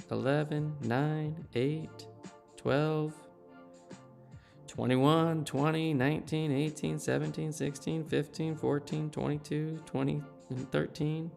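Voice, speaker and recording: A man's voice: medium pitch, vocal fry, a little mellow. A man in his thirties chatting casually on a game live stream, telling a story and laughing at himself. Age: 30s.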